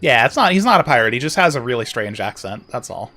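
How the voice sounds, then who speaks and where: A man commenting on his own live speedrun with relaxed, dry asides while he plays. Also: mid-range voice, fast talker, faint music behind.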